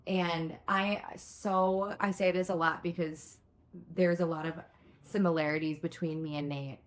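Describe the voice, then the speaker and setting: A woman co-hosting a casual podcast, talking through an episode and passing on what her husband said. Her voice sits a little low for a woman. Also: fairly even intonation, measured pace. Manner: talkative, relays her husband's remarks. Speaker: podcast co-host. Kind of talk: casual chat recapping a TV episode.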